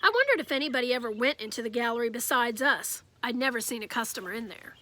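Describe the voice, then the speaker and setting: A woman reading a children's novel aloud with lively storytelling. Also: fairly high pitch, fast talker. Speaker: reader.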